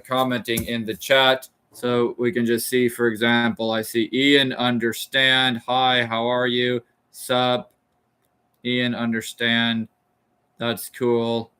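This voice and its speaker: Slow, careful American man reading aloud. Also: medium pitch, fairly bright tone, clean tone. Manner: careful, halting reading that stops and restarts on difficult words. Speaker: livestreamer reading a classic text aloud. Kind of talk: reading aloud on a livestream, chatting with viewers.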